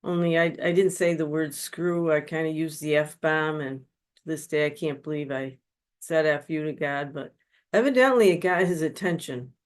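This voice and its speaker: A woman's voice: low voice, moderate pace. A woman giving an earnest personal testimony as a guest speaker at a webinar, telling her story in a confessional way. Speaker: guest speaker, spiritual counselor. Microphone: webinar microphone.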